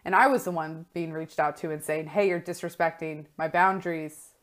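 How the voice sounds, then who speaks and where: A woman's voice: deep voice, normal speed. A woman in her thirties, a life coach, talking casually in a blunt, frank way and swearing freely. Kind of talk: casual solo talk.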